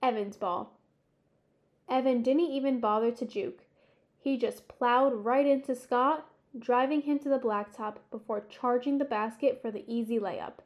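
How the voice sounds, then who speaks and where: A woman narrating a children's sports story in a measured, expressive storytelling way. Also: fairly high pitch. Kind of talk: audiobook narration.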